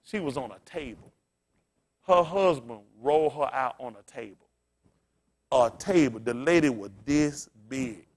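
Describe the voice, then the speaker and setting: A male pastor giving a casual, storytelling sermon, asking his congregation questions and swinging from loud bursts to quiet murmurs. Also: mid-range voice, unhurried. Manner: conversational preaching, swings from loud excited peaks to quiet murmurs.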